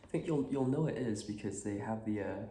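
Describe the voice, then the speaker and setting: A guitar vlogger with a lowish voice and a cold chats casually, relaxed but halting, with lots of fillers and some throat clearing. The recording is in an echoey room with faint noise.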